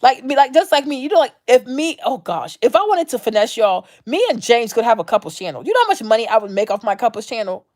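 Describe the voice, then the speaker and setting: A woman's voice: a little high, very animated, fast, few pauses, darkish tone. Blunt, profane woman ranting on her vlog. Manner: blunt, profane, repetitive, slangy. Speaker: vlog host. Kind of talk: unscripted commentary rant.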